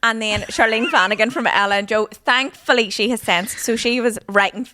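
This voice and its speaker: A woman, hosting a podcast and telling stories in lively casual chat. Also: fairly high pitch, brisk, noisy background. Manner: lively, laughing storyteller. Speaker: podcast host.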